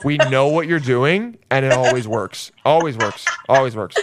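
A man's voice: mid-range voice, normal speed, background noise. A young man hosting a podcast, chatting casually with crude jokes and frequent laughter. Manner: crude, joking, laughs often. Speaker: podcast host. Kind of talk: casual chat.

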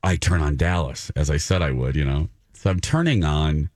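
A man's voice: rumbling low, moderate pace, darkish tone, no echo, studio quality. A man hosting a radio show, chatting casually in a rambling, self-mocking way with many restarts. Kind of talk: casual morning-show chat.

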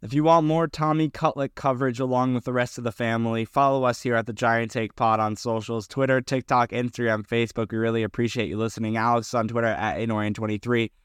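Young man, sports podcast co-host, eager, smooth voice. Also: mid-range voice, steady tone, quick pace, few pauses, no echo, clean studio sound. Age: young adult. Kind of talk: casual sports podcast chat.

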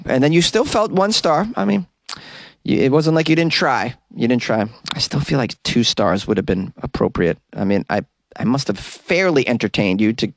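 A man's voice: medium pitch, no room sound. A man from Boston hosting a comedy podcast, rambling through jokey, self-mocking asides from a small closet. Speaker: podcast host. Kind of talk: casual comedic monologue.

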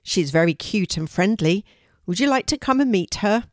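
A woman voicing a friendly farm owner who gently explains how to feed a pony. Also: mid-range voice, expressive, moderate pace, dry recording, clean studio sound, close to an everyday voice. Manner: gentle and instructive.

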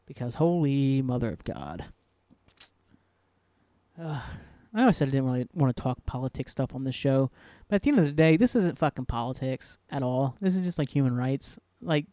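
A man's voice: a little high, mellow, dry recording. Heated, profane male podcast host. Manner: heated, profane, rambling with frequent "like". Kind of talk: casual solo podcast rant.

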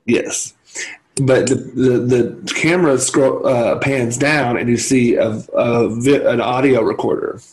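A man's voice: medium pitch, fairly even intonation, measured pace, poor audio. A man co-hosting a podcast, retelling a movie plot in casual chat with wry asides and laughter. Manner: chatty storyteller, wry, laughing. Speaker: podcast co-host.

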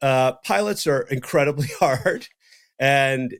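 A man's voice: mid-range voice, slow. A middle-aged man, a podcast co-host, telling a story in casual chat, swearing freely and acting out the dialogue. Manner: profane, animated, acts out quoted dialogue.

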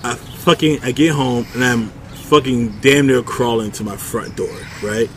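A man telling a rambling, profane story in a casual chat, acting out quotes in a loud, high voice. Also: fairly even intonation, unhurried, slight background noise. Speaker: podcast co-host telling a story.

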